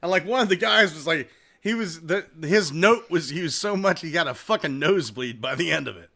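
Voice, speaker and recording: A man hosting a casual comedic podcast, telling rambling, excitable stories and swearing freely. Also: a little high, a little fast, vocal fry. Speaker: podcast host.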